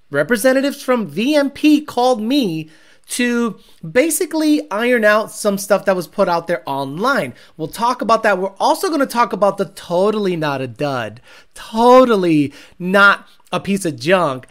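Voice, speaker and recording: A man's voice: high voice, fairly bright tone. A man hosting a live car show in casual, brash and sarcastic talk, rambling through viewer names.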